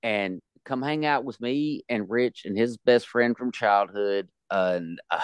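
A man hosting a podcast, joking and talking in a loud, animated way. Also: mid-range voice, measured pace, clean tone, no echo. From United States. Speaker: podcast host. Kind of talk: casual podcast chat.

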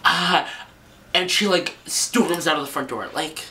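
A woman's voice: sits low, lively intonation, moderate pace, fairly bright tone, a little hiss or hum. A young woman vlogging in casual chat, rambling with constant "like" and swearing while acting out scenes.

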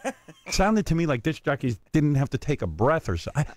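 Animated man telling a radio story. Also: a little high, brisk, no echo. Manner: acts out other people's voices, with emphatic asides. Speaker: radio host.

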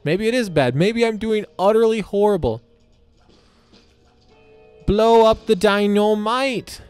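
Over soft background music, a gameplay commentator speaks slowly in a high, slightly mellow voice with a clean sound. His casual let's-play banter is goofy: he addresses the enemies directly, uses silly voices, swears and tells crude jokes.

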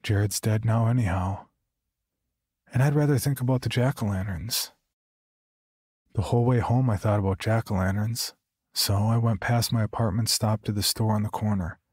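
A man narrates a first-person horror story in a quiet, halting, subdued voice. His tone is low and husky. It is recorded dry and close, with faint music underneath. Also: steady tone, dry recording.

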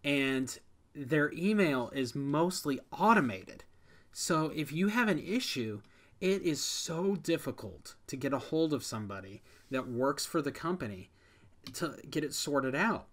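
A man's voice: on the high side, lively intonation, a little slow, a bit bright. Young man chatting, full of fillers. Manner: ranting, frequent "like" fillers. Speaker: podcast co-host. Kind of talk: casual chat.

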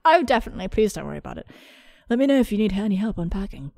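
A woman's voice: mid-range voice, sing-song, very fast, gravelly, mellow, no room sound. A woman voicing a polite, self-important young male dorm leader in a video game, formal and dry.

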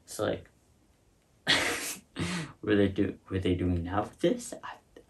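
Low gravelly man rambling casually. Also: takes it slowly, a bit bright, distant mic. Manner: rambling, hesitant, many fillers and restarts. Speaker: host reacting to a song. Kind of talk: casual reaction commentary. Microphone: phone.

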